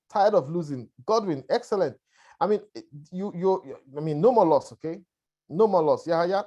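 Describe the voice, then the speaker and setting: On a conference call, a presenter with a lingering cough talks through his webinar conversationally, often repeating points and checking in with "right" and "all right." His voice sits high and sounds a little mellow.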